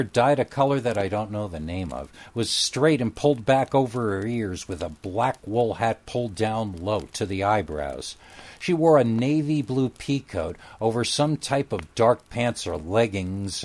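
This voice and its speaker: Man telling a wry first-person story. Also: fairly low pitch.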